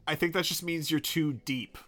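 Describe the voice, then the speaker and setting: A man's voice: fairly high pitch, steady tone, moderate pace, a bit bright, faint music behind. A man chatting casually about anime, blunt and profane, trailing off with fillers while he thinks.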